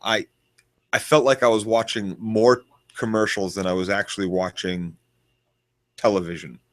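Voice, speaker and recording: A man's voice: fairly low pitch, flat delivery, moderate pace. A man co-hosting a casual TV review chat, joking and rambling. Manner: joking, rambling, laughs easily. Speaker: podcast co-host.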